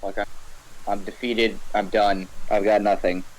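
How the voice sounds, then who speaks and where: A man's voice: on the low side, flat delivery, measured pace, a crowd in the background, rough recording. A man playing a tabletop role-playing game, describing his character's actions with hesitant phrasing full of "like" and "kinda.". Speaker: player.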